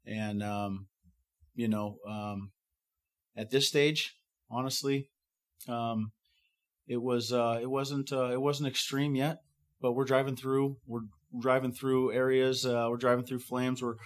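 A middle-aged fire captain recounts an evacuation slowly, in a medium-pitched voice with a level tone. He's heavy on fillers and restarts and at times acts out the quoted voices of others.

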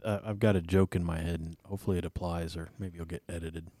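A man's voice: sits low, fairly quick, darkish tone, slight background noise. A man co-hosting a faith podcast, rambling and self-deprecating, full of fillers as he tells a story. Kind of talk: casual faith chat.

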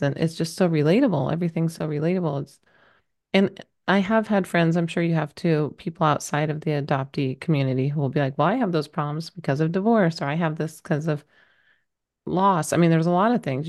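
A woman's voice: low-pitched, darkish tone. A middle-aged woman talking as a podcast guest, telling a personal story candidly, rambling a little with many fillers. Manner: emotional, rambling, lots of fillers.

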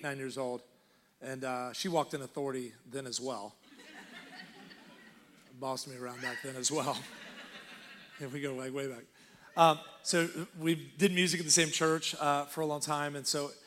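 A man with a Texan accent preaches with a high, bright voice. He is lively and laughs often, slipping into character voices as he tells a comic story from the pulpit. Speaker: guest pastor.

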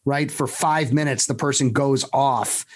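A man hosting a podcast interview, talking in an energetic, storytelling way with many fillers and restarts. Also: medium pitch, a little slow. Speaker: podcast host. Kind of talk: casual interview.

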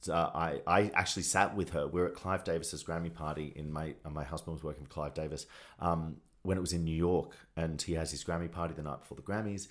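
A middle-aged man from Australia, a TV host and sportscaster, chatting casually as a podcast guest and telling animated, gushing stories. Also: extremely low pitch, quick pace. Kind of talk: casual chat.

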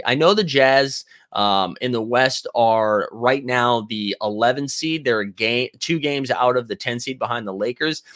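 A man with a mid-range, slightly bright voice hosts a casual basketball livestream. He rambles through his thoughts in a loose chat and reads viewer comments out loud.

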